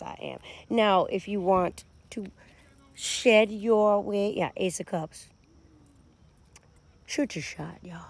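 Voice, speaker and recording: A woman's voice: mid-range voice, creaky. A woman giving a casual tarot reading, talking straight to her viewers. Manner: animated, addresses viewers directly. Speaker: tarot reader.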